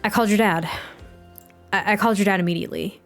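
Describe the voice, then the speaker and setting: A woman voicing a guarded young man, an expectant father, who talks in an earnest, halting way. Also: mid-range voice, soft background music, close to an everyday voice. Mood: confessional.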